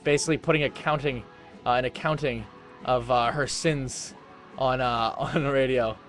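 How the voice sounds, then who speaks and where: A man's voice: medium pitch, fairly even intonation, moderate pace, a bit bright, soft background music. A man hosting a casual internet radio show from home on a webcam, reading posts aloud with rambling asides and plenty of fillers. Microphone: webcam microphone.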